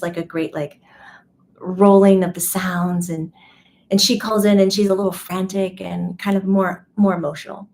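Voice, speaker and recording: A woman medium telling a story in a chatty, animated way, acting out quoted dialogue. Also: on the low side, a little hiss or hum. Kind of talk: casual spoken storytelling.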